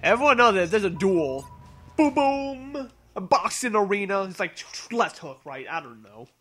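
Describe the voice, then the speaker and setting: A man giving excitable, playful gameplay commentary, yelling and teasing as he plays. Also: sits high, normal speed, slightly rough, soft background music. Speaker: let's play commentator.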